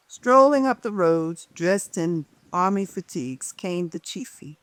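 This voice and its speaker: A woman reading her own memoir aloud as a lively storyteller who changes her voice for the people in it. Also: fairly low pitch, unhurried, dry recording.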